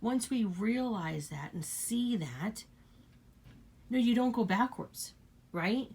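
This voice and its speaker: Gravelly, husky woman giving spiritual talk. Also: a little high, expressive, takes it slowly, darkish tone. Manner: earnest, repetitive, blunt with swearing. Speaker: spiritual channel host. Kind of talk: casual spiritual talk to viewers.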